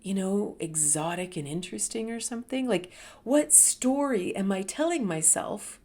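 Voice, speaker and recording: A middle-aged woman telling a personal story, animated and dropping to whispers for emphasis. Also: mid-range voice, moderate pace. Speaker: host.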